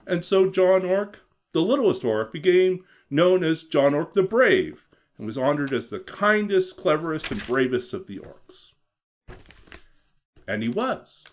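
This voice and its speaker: A man reading his own children's story aloud in a gentle, expressive storytelling manner, then chatting casually with his stream viewers. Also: a little slow. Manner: expressive, gentle storyteller who swings his pitch a lot.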